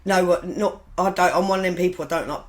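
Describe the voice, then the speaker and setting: A woman's voice: fairly low pitch, fairly quick, low-quality recording. Frank, rambling woman. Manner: frank, rambling, with restarts and self-corrections; blunt humour, occasional swearing. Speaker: podcast guest. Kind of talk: casual spoken storytelling.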